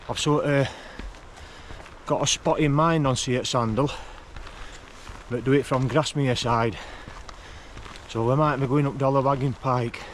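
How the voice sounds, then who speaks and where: A man's voice: mid-range voice, slight background noise. A man, out of breath as he chats casually while climbing a forest track for his hiking vlog. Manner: chatty, rambling, unhurried. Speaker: hiking vlogger. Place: forest track outdoors, walking uphill.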